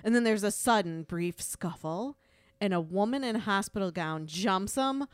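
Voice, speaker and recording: A middle-aged woman chats bluntly on a podcast, swearing freely and breaking into laughter. Her voice is smooth and clear. The sound is dry and close. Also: medium pitch, moderate pace, no room sound. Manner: blunt, profane, laughing often. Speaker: podcast co-host. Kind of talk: casual chat.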